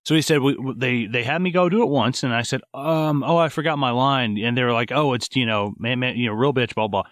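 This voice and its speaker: A man's voice: mid-range voice, fast talker, no room sound, studio quality. A man co-hosting a movie podcast, telling stories bluntly with lots of swearing. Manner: blunt, profane, animated storytelling. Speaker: podcast co-host. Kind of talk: casual movie podcast chat.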